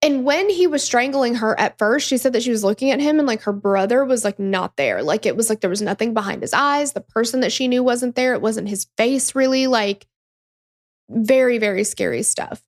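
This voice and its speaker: A woman's voice: fairly high pitch, lively intonation, moderate pace. Casual, swearing woman telling a story. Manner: conversational, swears freely, emphatic. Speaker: true crime podcast host.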